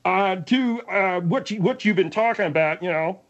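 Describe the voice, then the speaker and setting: A man voicing an excitable male sidekick who keeps chiming in to stir things up. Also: high voice, normal speed, dull audio, voice pushed up. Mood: needling.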